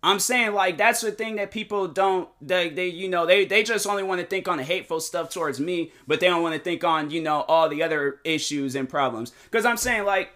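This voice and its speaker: Guy hosting a podcast, ranting with lots of fillers, kinda high pitched and tense sounding. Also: a little fast, hardly any pauses. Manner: animated and rambling, many fillers and restarts; defensive, emphatic. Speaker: podcast host and YouTuber. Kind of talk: casual motivational monologue. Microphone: desk microphone.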